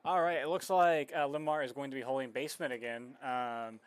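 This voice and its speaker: A man doing play-by-play commentary on a competitive video game match, with quick calls and frequent fillers. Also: mid-range voice, steady tone, clear, resonant tone. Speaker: esports caster.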